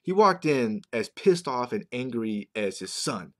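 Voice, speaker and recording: A man's voice: mid-range voice, very animated, a little slow, fairly bright tone. A man in a casual talking-head monologue, rambling conversationally as a marketing vlogger. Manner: rambling, conversational, keeps checking in with "right?".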